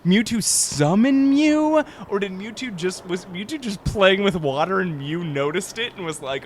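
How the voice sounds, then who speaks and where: A man's voice: high voice, animated, moderate pace, few pauses, a little hiss or hum. A man co-hosting a casual podcast, wry and joking, swearing freely. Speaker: podcast co-host. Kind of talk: casual chat.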